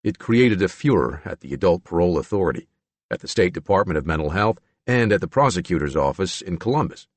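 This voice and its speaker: An audiobook narrator with a low, husky voice reads a scripted book in a measured, expressive storytelling style with a bouncy delivery. The sound is dry and close, with no echo.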